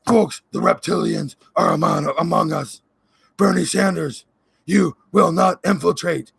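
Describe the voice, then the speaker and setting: A man's voice: on the high side, measured pace, vocal fry, a bit bright, slightly rough, no echo, exaggerated voice. A man doing an impression of a ranting, paranoid middle-aged male conspiracy broadcaster who stammers into a frantic breakdown.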